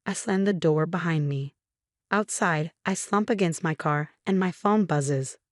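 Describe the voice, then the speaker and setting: A woman narrating a first-person drama story, reading every voice in one steady tone. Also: on the low side, unhurried, no echo, studio quality.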